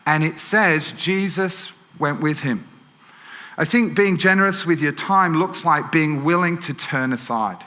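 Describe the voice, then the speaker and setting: English man preaching in a bright, reverberant hall. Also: medium pitch. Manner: conversational storytelling with fillers and self-corrections. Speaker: pastor. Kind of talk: sermon. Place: church auditorium. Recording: long church hall reverb.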